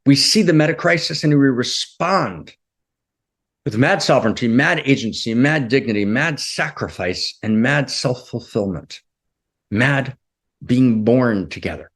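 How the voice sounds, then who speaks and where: A man's voice: medium pitch, animated, measured pace. A man leading a spiritual talk, impassioned and repeating his phrases, often checking in with "right?". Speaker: spiritual teacher.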